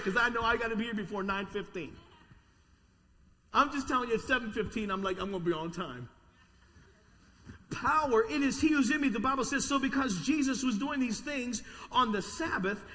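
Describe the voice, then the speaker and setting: A man preaching a sermon to a congregation in a church, energetic with call-and-response. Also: extremely high pitch, long reverb tail. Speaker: pastor. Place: church sanctuary.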